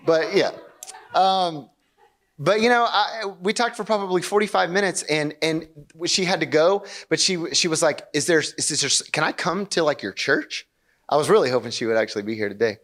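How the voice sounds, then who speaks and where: Chatty storytelling pastor, a man. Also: normal speed. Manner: animated, chatty, acts out quotes with rising pitch. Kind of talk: conversational sermon storytelling. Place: church service.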